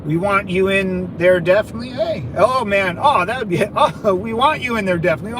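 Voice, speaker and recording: Middle-aged guy rambling on a livestream, kinda high voice, lots of brother and man, noisy outside. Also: brisk, hardly any pauses, a bit bright. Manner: loose, rambling, slangy, calls viewers brother. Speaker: livestream host. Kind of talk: casual livestream chat reading viewer comments.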